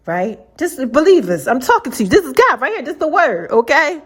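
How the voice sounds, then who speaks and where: A woman's voice: on the high side, very animated, a little fast, few pauses, breathy edge. Chatty woman preaching on a podcast. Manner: informal, chatty, talks to listeners directly with y'all. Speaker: podcast host. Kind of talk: casual preaching podcast monologue.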